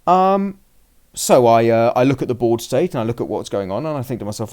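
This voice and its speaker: In a relaxed chat, a male podcast host walks through a tabletop game move by move, rambling, restarting, and performing both sides of the exchange. His medium-pitched voice is clear, resonant, and slightly mellow, with lively intonation and a brisk pace.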